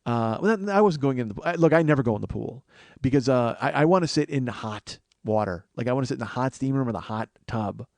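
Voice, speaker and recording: A man's voice: medium pitch, animated, fast, darkish tone, dry recording. A man hosting a podcast, telling rambling, profane comic stories in a casual monologue. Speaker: podcast host.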